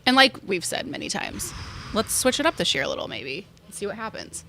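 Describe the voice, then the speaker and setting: A woman's voice: medium pitch, sing-song, a little fast, creaky, sharp tone, slight background noise. A woman co-hosting a live hockey watch-along in a studio, dropping wry, teasing remarks. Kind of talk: casual live chat. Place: team studio.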